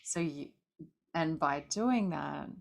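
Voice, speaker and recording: Female podcast co-host, coach; slow, calm, affirming, husky-gravelly low voice. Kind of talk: casual chat, reflective coaching.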